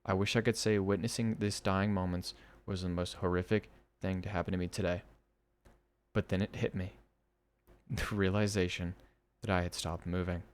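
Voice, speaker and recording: A man's voice: sits low, flat delivery, normal speed. Man reading horror stories aloud. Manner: enthusiastic, chatty between stories.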